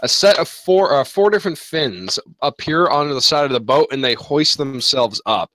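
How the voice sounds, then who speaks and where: A man's voice: medium pitch, expressive, normal speed, a bit bright, no room sound. A young man narrating a tabletop game as game master, describing scenes in a rambling way with restarts.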